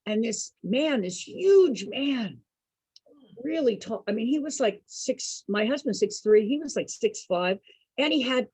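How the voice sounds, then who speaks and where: Husky chatty woman telling stories. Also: fairly high pitch, animated, a little slow, a little mellow, dry recording, poor audio. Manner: chatty, addresses listeners as folks. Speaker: storyteller host. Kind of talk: casual storytelling to an online group. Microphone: video call.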